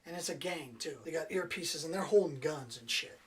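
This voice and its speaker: A man's voice: on the high side, brisk, a bit bright, distant mic. A man giving a casual, blunt and sarcastic movie review, cursing freely. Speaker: film reviewer.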